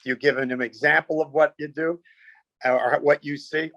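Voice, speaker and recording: A man's voice: fairly high pitch, fairly even intonation, normal speed, fairly bright tone, no room sound. A man, a comedian guest, telling stories with punchy quoted bits and lots of animation.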